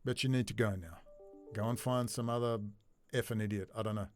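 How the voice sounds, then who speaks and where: A man giving a ranting solo commentary, sarcastic, swinging between low muttering and loud mocking outbursts. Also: steady tone, fairly quick, faint music behind. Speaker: commentary host.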